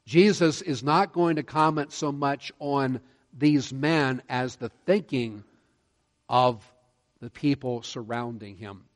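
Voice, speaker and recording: A man preaching a sermon, earnest and measured, slowing down to stress key words. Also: medium pitch. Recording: long hall reverb.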